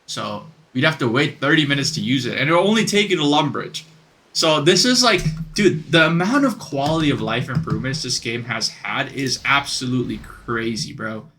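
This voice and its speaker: A young man giving casual, excitable gameplay commentary, chatty and swearing, calling his viewers bro. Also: medium pitch, moderate pace, a little hiss or hum. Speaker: gaming video creator.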